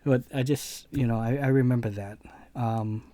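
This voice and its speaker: A man's voice: mid-range voice, fairly even intonation, moderate pace, warm tone, no echo. A man hosting a gaming video channel, telling a rambling personal anecdote in casual commentary. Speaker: let's play channel host.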